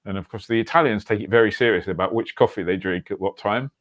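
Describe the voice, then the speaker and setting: A man's voice: on the low side, quick pace. A man hosting a casual livestream chat over a video call, rambling with fillers and restarts. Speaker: host.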